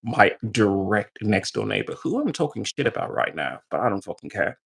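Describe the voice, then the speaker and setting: A man's voice: lowish voice, normal speed, creaky, breathy edge. A man who is a military veteran, telling stories and ranting profanely to his live-stream chat. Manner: profane, animated storytelling.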